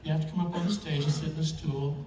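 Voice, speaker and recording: A man with a fairly high voice tells stories from a stage, chatty and quick to chuckle, sometimes moved. His voice rings through a big echoing hall and sounds distant from the mic, with a faint ambient hum behind. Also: level tone, crowd noise. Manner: chatty, chuckling, emotional storyteller. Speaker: keynote speaker. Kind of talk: storytelling speech on stage. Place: large event hall. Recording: echoey hall, mic heard from afar.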